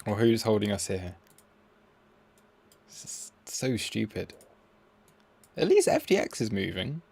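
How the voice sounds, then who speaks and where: A man's voice: on the low side, big pitch swings, measured pace, creaky, darkish tone, slightly rough, no echo. Guy live streaming trades, chatty and jokey, talks right at the chart, dry sound. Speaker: crypto trading streamer.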